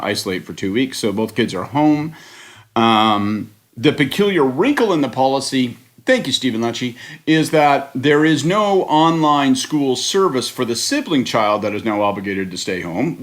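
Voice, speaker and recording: A man on a political panel, chatting casually in a sardonic, rambling way with the odd swear word. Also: mid-range voice. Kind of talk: casual chat.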